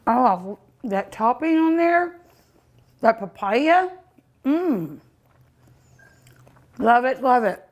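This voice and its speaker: A woman's voice: on the high side, sing-song, drawn-out words, long pauses. A woman hosting a cooking show, tasting her food with many delighted mmms and chatting to her dog and her viewers. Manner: sometimes talks with mouth full. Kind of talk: casual food tasting vlog.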